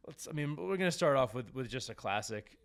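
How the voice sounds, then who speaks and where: Podcast host, New man, mid-pitched, animated and jokey, trips over his words. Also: a little fast, vocal fry. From New Jersey. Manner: animated, stumbling restarts, joking. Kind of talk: casual chat.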